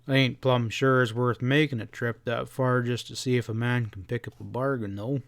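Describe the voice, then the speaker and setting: A man's voice: mid-range voice, steady tone, moderate pace, no echo, close to an everyday voice. A man voicing a folksy, meek middle-aged rancher in a western audiobook, talking in plain cowboy speech. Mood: easygoing. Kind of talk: audiobook character voice.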